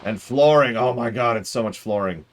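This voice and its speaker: A man's voice: medium pitch, normal speed. A man streaming a game, chatting casually and joking with his viewers. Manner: chatty, jokey, animated.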